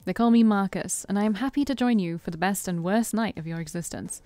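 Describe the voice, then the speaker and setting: A woman voicing a smug, theatrical male vampire who talks slowly and emphatically, like a preacher. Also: medium pitch, warm tone, no echo, soft background music, close to an everyday voice. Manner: slow, emphatic, knowing.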